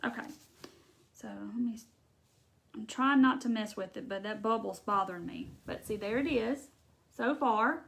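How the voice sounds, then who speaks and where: A craft livestream host with a Southern accent chats casually through each step of her project, laughing often and thinking aloud in a folksy way. Her voice is a little high and a bit bright, with vocal fry, and she speaks unhurriedly with frequent pauses.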